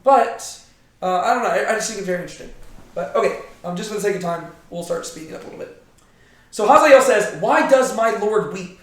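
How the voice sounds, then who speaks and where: A man's voice: high-pitched, expressive, fast talker, a bit bright. A man teaching a casual Bible study, thinking aloud and often checking in with "right?". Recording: very echoey room.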